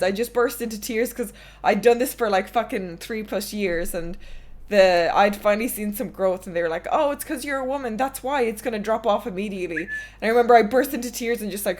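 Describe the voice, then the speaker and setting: A young woman in her twenties, streamer and podcast host, chatting casually and candidly and telling stories with swearing. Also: medium pitch. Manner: candid, swearing, storytelling with laughs.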